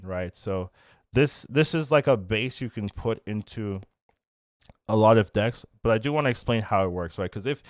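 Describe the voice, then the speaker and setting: A young man talks casually about card game decks, full of fillers and restarts. His voice is smooth and clear, a little on the low side. The sound is dry and close, with no room echo. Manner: chatty, many fillers and restarts, gets louder and livelier when animated. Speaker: content creator, card game streamer.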